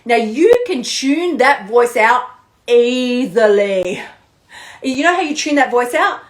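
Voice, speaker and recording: A woman in her thirties, a weight-loss coach giving an animated, chatty pep talk on a live stream, laughing often and swearing lightly. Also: on the high side, a little slow. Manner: bubbly and animated, with frequent laughs and mild swearing. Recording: roomy echo.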